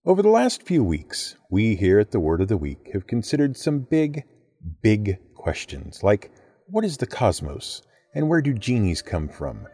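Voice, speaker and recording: Male podcast host, scripted narration; low, mellow, lively delivery over faint music. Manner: expressive, playful storytelling.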